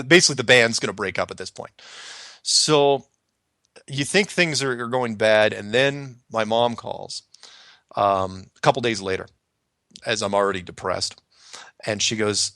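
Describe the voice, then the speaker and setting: A middle-aged man casually telling a story from his past, animated and acting out other people's lines. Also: fairly low pitch, creaky, dry recording. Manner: animated, acts out quoted voices, laughs often.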